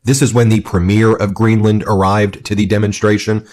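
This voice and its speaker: Deep-voiced man commenting on news. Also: level tone, normal speed, very noisy. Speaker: political commentator.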